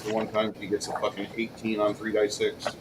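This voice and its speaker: A man's voice: lowish voice, a little fast, background noise. Man running a tabletop game. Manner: animated, jokey, breaks into loud shouts and put-on voices. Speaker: game master.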